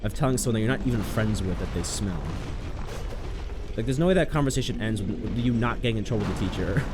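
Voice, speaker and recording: A man's voice: fairly low pitch, fast talker. Rambling man streaming a game. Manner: rambling and animated, with sudden yelps. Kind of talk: casual gameplay commentary. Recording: noisy stream recording.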